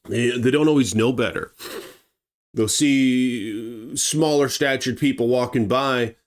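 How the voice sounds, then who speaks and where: A man's voice: medium pitch, slow. Emphatic male storyteller. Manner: emphatic, blunt, conversational. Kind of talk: dramatic true-story narration.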